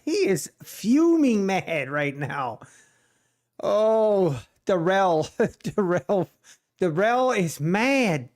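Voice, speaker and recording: A man hosting a live day-trading stream, excitable, laughing often and repeating himself. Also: high voice, very slow. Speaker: day-trading livestream host.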